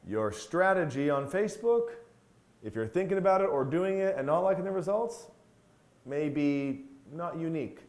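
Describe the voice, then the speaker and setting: Guy talking straight to camera, lively and blunt, pitch swinging up and down, roomy echo. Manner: animated storytelling with swings in pitch and loudness; blunt, swears casually. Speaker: host. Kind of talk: casual talk to camera.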